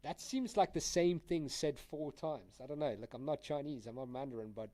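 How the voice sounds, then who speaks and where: A young South African man chats casually on a live trading stream, rambling in slang and laughing a lot in a laid-back way. His voice sits in the mid range with a dark tone, moving at normal speed. The recording is dry.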